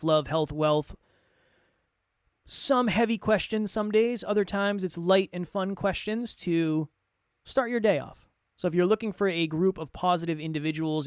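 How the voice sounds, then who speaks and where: A man's voice: on the high side, clean tone, dry recording, clean studio sound. A man co-hosting a motivational podcast, joking around and talking in an upbeat way. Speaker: podcast co-host and coach.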